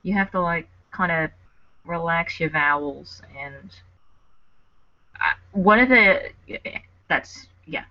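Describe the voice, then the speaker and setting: Speaking slowly and pausing often, a low-voiced American woman co-hosts a relaxed podcast by remote call, tipsy and full of playful banter. The recording is dry, with dull, lo-fi sound from the remote-call microphone.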